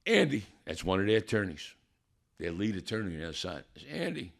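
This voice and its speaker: A man's voice: sits low, expressive, fast talker, vocal fry. A man telling a personal story with drama, building suspense and acting out the people in it. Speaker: guest telling his testimony.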